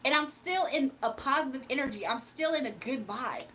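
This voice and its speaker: A woman's voice: high voice, lively intonation, brisk, sharp tone, slight background noise. A young woman hosting a livestream, making emphatic, repetitive points and talking straight to her chat. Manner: emphatic, repeats points, addresses chat directly. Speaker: livestream host. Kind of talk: heated livestream rant.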